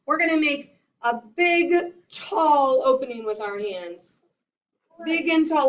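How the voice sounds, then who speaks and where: A woman's voice: sits high, takes it slowly, slight background noise. A woman teaching a classroom math lesson to young children, leading them in sing-song call-and-response. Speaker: kindergarten teacher. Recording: roomy, distant, dull classroom recording.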